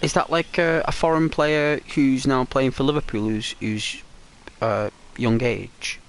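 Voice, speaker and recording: A man's voice: mid-range voice, fairly even intonation, a little slow, smooth. A young man streaming a game, chatting casually with viewers, answering their messages, rambling and laughing often.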